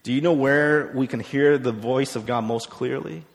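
A man's voice: medium pitch, normal speed, gravelly. A man preacher giving a conversational sermon, often checking in with "right?" and acting out the quotes. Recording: long hall reverb.

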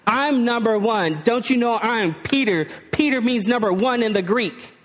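An impulsive grown man blurts his words in casual slang, as a preacher acts him out. His voice sits fairly high, and he sounds eager, quick to object and quick to boast. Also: long reverb tail. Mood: boastful. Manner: pleading, then boastful, with a casual modern slang delivery. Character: apostle Peter, adult man, impulsive and eager.

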